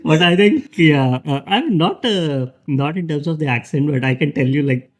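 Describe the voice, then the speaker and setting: A man's voice: fairly high pitch, animated, normal speed. A man, a podcast guest chatting casually, hesitant and laughing often. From India. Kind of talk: casual chat.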